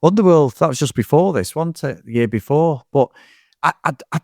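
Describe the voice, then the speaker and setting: Animated swearing man reviewing films. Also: on the high side, fairly quick, no room sound, clean studio sound. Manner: swearing, animated, acts out scenes in quotes. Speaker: podcast co-host. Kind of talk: casual film review chat.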